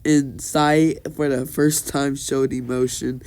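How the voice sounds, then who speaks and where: A man's voice: medium pitch, level tone, extremely slow, a little mellow. A young man improvising a fan story aloud, rambling with fillers and restarts. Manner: rambling, many fillers and restarts, laughs at own jokes.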